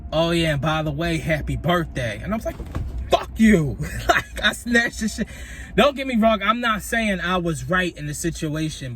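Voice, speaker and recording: A man telling a profane, animated story in a casual vlog at his workplace on a break, swinging between loud outbursts and mutters. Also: a little high, slight background noise.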